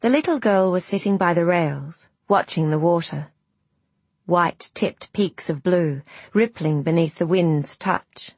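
Slow, husky woman narrating a story. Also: fairly low pitch, a little mellow, no room sound. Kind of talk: audiobook narration.

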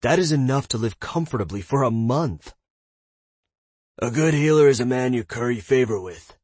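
A genial older adventurer gives fatherly lessons in a fantasy storybook, voiced by a man reading it. He speaks a touch higher than the narration, and the sound is dry and close. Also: animated, normal speed, darkish tone, breathy edge, dry recording. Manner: fatherly, lecturing, calls others lad. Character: genial older male adventurer, wise and generous.

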